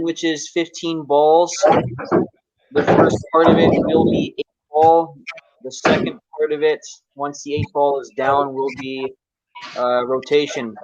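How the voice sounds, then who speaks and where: A Canadian man hosting a pool tournament livestream, relaxed and joking, with many fillers. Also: a little high, muffled recording. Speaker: tournament host. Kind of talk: livestream commentary.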